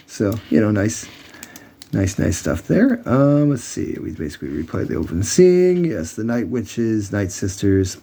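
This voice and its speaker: A man's voice: lowish voice, warm tone, slight background noise. A man recapping a TV episode in a casual, rambling and sarcastic way, with many fillers. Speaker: show reviewer.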